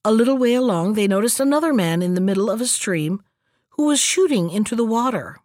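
A woman narrating a fairy tale as a storybook reading, lively and expressive. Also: fairly high pitch, a little fast, no room sound, clean studio sound.

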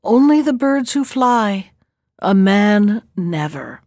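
A woman's voice: medium pitch, very animated, slow pace, a little mellow, dry recording, studio quality. A woman voicing a wistful young maiden. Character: sad, coaxing young maiden under a witch's rule.

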